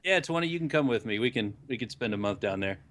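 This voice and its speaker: A man's voice: mid-range voice, expressive, fast, fairly bright tone. A man co-hosting a podcast from his living room, chatting casually with many hesitations. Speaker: podcast co-host. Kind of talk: casual chat.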